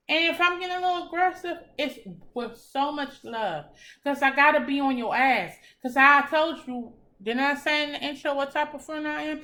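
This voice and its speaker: A woman's voice: high voice, moderate pace, sharp tone. A young woman giving a tarot reading in a casual, blunt and encouraging way, swearing freely. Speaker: tarot reader.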